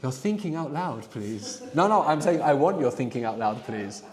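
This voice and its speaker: A man's voice: medium pitch, animated, normal speed, in a large hall. A man teaching a live language workshop, coaxing students with questions and asking them to think aloud. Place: classroom with students.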